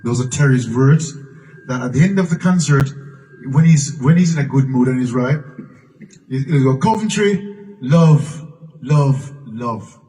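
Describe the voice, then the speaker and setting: A man's voice: mid-range voice, moderate pace, dark tone. Older man telling stories, distant mic. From Jamaica. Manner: repeats and restarts words, breaks into song. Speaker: guest musician at a Q&A. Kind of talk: live storytelling at a public Q&A. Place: museum event room, live audience. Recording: distant mic with faint room noise.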